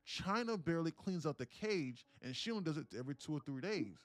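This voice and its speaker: A man live-streaming his day trading, telling a story in an animated, profane, rambling way with frequent restarts. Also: on the high side, fast, no echo, faint music behind.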